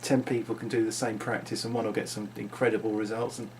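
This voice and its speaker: A man's voice: lowish voice, little pitch movement, fast, a little hiss or hum. A man talking unscripted into his vlog, musing and rambling with frequent restarts. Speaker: vlogger.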